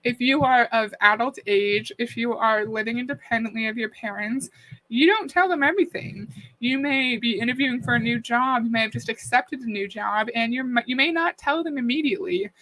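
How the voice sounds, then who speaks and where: A woman's voice: a little high, brisk, fairly bright tone, a little hiss or hum, low-quality recording. A woman hosting a casual livestream, critiquing a video and reading out viewer comments in a conversational way. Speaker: livestream host reacting to a video. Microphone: desk mic.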